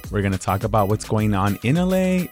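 Male podcast host, playful, laughs a lot, studio mic, faint music bed, mid-pitched. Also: big pitch swings, fairly quick. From Los Angeles. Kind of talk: casual chat. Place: radio studio.

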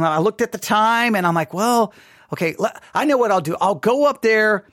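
A man with a fairly high voice tells a rambling, self-deprecating story in casual devotional podcast talk. He sounds chatty and open with his listeners. The studio microphone gives a dry, close sound with no room echo. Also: fairly bright tone. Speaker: podcast host. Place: home studio.

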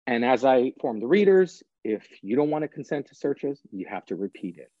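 Prosecutor guy explaining stuff earnestly on a podcast, warm mellow tone, dry close mic. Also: mid-range voice, very animated, a little fast, hardly any pauses, no echo, highs cut off. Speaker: guest, author and prosecutor. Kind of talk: podcast interview.

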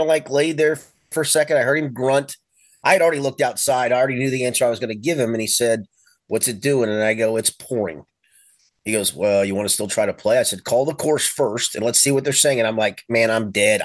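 A man hosting a weekly sports podcast, speaking at an ordinary mid pitch. He tells stories in an easygoing way and acts out what his friends said. The sound is close and dry, with no room echo. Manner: animated anecdotes, acts out quoted friends. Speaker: podcast host, sports columnist. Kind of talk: casual sports chat, storytelling.

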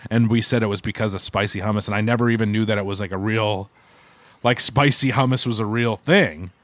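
A man's voice: lowish voice, steady tone, fairly quick, dry recording. Rambling man reviewing food. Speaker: podcast co-host. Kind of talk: casual chat.

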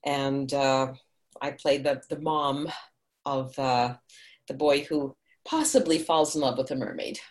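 A woman's voice: extremely low pitch, steady tone, a little slow, darkish tone. A middle-aged woman from Hungary, an actress, chatting upbeat in an interview, digressing and laughing often. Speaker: actress and audiobook narrator. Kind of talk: casual interview answers.

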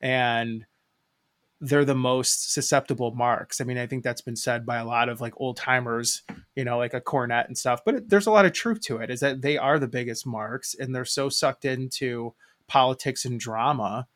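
A man's voice: mid-range voice, normal speed, a bit bright, dry recording, studio quality. Swearing, rambling Michigan man. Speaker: podcast co-host. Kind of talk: casual chat.

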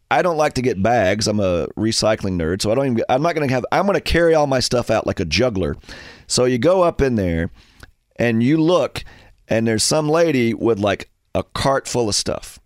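A man's voice: medium pitch, normal speed, no echo. A man hosting a radio show in a studio, telling stories in a casual chat and acting out voices. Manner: animated storyteller, acts out voices. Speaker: radio host.

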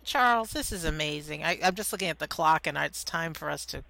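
Podcast host, bright voice, gravelly edge, eager, dry sound. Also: mid-range voice, expressive, fairly quick, no echo. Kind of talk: casual interview chat.

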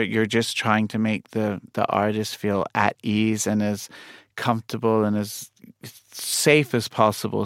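A man's voice: fairly low pitch, clean tone, dry recording, studio quality. A man with a mixed English and New York accent, a music producer talking casually as a guest and rambling with lots of "like" fillers. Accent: mix of English and New York. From England. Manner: rambling, heavy use of "like" fillers. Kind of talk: casual conversation.

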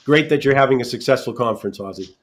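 A man's voice: mid-range voice, fast. A man hosting a radio talk show, chatty and emphatic, thinking aloud as he interviews guests.

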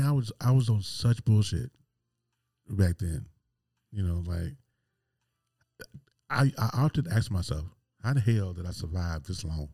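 Deep, mellow-voiced man in his forties. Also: expressive, a little slow, long pauses, dry recording, studio quality. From North Carolina. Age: 40s. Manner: candid, rambling, with frequent restarts and laughs. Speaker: podcast host. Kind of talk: personal storytelling monologue.

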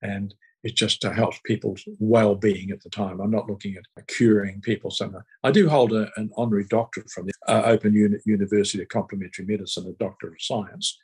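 An older man, telling stories at a rambling pace as an interview guest, pausing on fillers. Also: fairly low pitch, fairly even intonation, darkish tone, breathy edge, low-quality recording. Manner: rambling storytelling with hesitant fillers. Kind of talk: relaxed conversational interview.

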